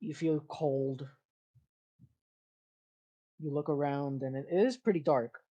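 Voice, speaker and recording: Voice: medium pitch, takes it slowly, muffled recording. A game master narrating a tabletop scene in descriptive, improvised fashion, with frequent fillers and restarts.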